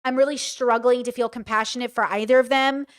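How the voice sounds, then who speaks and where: A young woman streaming her reactions for chat, her voice sitting high. She talks bluntly and animatedly and swears freely. The delivery stays casual and unscripted. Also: steady tone, fairly quick, clean tone. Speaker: commentary streamer. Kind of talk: live stream reaction commentary.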